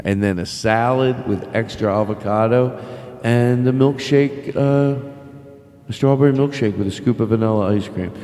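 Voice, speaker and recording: A man's voice: fairly low pitch, mellow, big-room sound. A man doing an improvised comedy bit, rambling and self-deprecating and swearing freely as he plays an overly fussy customer.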